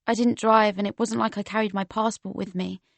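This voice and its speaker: A woman reading a first-person novel aloud as an audiobook narrator, steady and measured. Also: medium pitch, creaky, dry recording.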